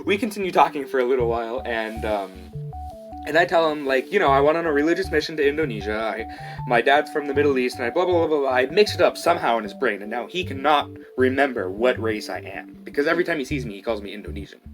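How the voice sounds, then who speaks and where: A man's voice: medium pitch, fast, music in the background. A man co-hosting a podcast, telling a casual story and acting out what people said. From United States. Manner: lively, acts out quoted voices. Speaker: podcast co-host.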